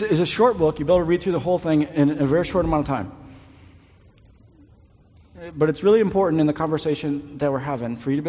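A man preaching a sermon, animated and conversational, often repeating words as he paraphrases scripture. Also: on the high side. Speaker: pastor. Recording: long reverb of a large hall.

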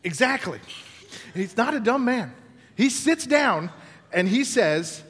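A man preaching a sermon as pastor, telling the story with animated, acted-out scenes. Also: very high voice, moderate pace, in a large hall. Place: church building.

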